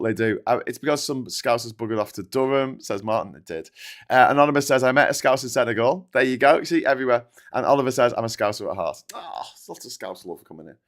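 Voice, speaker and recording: Brief Middle-aged Scouse male streamer, rambling, sarcastic, swears, lots of false starts. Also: mid-range voice. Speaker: host of a livestream news chat. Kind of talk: casual livestream commentary reading super chats.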